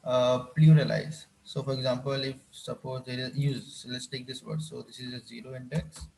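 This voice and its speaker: A man's voice: mid-range voice, flat delivery, moderate pace, creaky, a little mellow, a little hiss or hum. A man teaching a live coding class, often repeating phrases and checking whether his students follow. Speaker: instructor.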